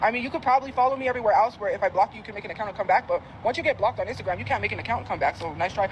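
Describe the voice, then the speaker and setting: A woman's voice: medium pitch, very fast, hardly any pauses. A woman talking to her followers in a rambling, repetitive way, trailing off, recorded outdoors by a road. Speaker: social media personality. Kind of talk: rambling vlog talk. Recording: noisy outdoor recording with traffic.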